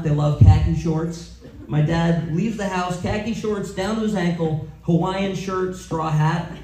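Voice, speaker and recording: Young stand-up comic in a roaring club. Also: male voice, on the high side. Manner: joking, conversational crowd work. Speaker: stand-up comedian. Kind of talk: stand-up comedy set. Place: comedy club stage. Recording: echoey club heard from a distance with audience. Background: audience laughter.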